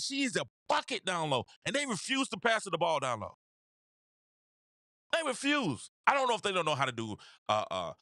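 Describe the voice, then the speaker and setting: A man with a high, pushed, bright voice hosts a live stream, recorded cleanly in a studio with no room sound. He talks basketball in a loose, slangy style, shouting out chat viewers by name and repeating phrases for emphasis.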